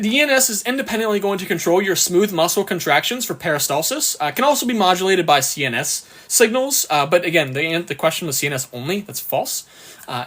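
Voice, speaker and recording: Going through exam questions one at a time on a live stream, an upbeat tutor reads slowly and keeps cheerfully thanking his viewers, despite a bout of hiccups. He speaks in a high-pitched, slightly bright voice.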